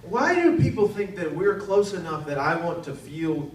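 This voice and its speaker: On an arts center stage, with the audience laughing, a thirty-something comedian from North Carolina in the United States delivers self-deprecating stand-up at normal speed. His high, sing-song voice slips into quoted voices, captured from far off in an echoey room with loud hiss.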